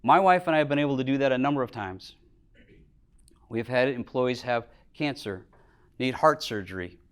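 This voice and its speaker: A middle-aged man from Minnesota giving a talk as a business owner, telling earnest stories in a motivational speech, his voice dropping low and quiet at emotional moments. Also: animated, moderate pace, smooth. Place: lecture hall with audience.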